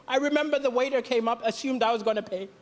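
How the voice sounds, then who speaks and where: A man from Malawi performs stand-up comedy on a large theatre stage before a live audience, delivering punchy setups and dry punchlines. His voice is very high and fast, with slight background noise. The live show is full of roaring laughter and applause.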